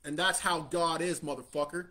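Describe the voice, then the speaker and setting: High-voiced man preaching like a mobster. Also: fairly even intonation, moderate pace, pushed and bright. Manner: swaggering mobster tough-guy talk, heavy swearing; scornful, blunt, chuckles between lines. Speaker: self-styled preacher. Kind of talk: profane street-style sermon.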